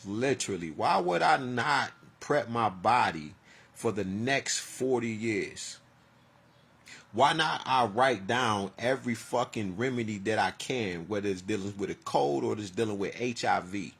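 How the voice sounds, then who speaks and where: A man's voice: medium pitch, creaky, a bit bright, husky. A man in his forties talking in a rambling, profane, heartfelt personal monologue. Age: 40s.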